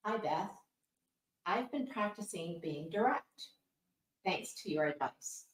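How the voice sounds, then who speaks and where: A woman's voice: on the low side, expressive, slow, slight background noise. A woman calling into a live show with a question, speaking earnestly and a little hesitantly. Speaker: caller asking a question. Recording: roomy, distant sound.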